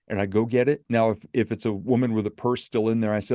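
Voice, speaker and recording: Middle-aged man, podcast guest, lively storyteller, warm mellow tone, dry close sound. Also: medium pitch, quick pace, hardly any pauses, no room sound. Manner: animated, acts out quoted dialogue.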